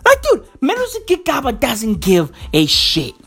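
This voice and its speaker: A woman ranting profanely into a microphone, full of slang, swearing and loud laughter at her own jokes. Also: a little high, wildly swooping pitch, moderate pace, vocal fry, breathy edge, soft background music. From South Africa.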